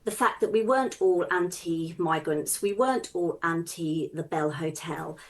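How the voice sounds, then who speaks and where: A woman from England with a posh English accent, speaking in an earnest, measured way as a local resident in a news interview. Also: fairly low pitch.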